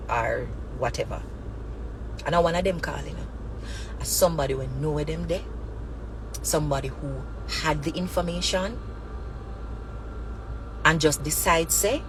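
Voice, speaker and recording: A woman's voice: sits low, a little slow, pauses often, noisy background. A woman with a Jamaican accent giving impassioned spoken commentary as a channel host, emphatic and repetitive, mixing Patois and English.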